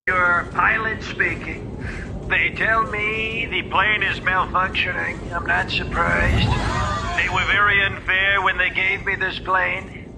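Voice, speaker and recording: A man's voice: high-pitched, little pitch movement, slow pace, vocal fry, noisy background, exaggerated voice. A man impersonating a boastful politician who plays an airline pilot in a comedic political ad, rambling and bragging. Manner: rambling, bragging, self-pitying.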